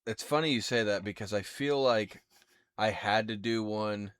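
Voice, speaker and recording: Low-voiced man in easygoing chat. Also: fairly bright tone, clean tone, no echo, studio quality. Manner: easygoing, rambling, quick to laugh. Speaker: comedian and podcast host. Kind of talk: casual chat.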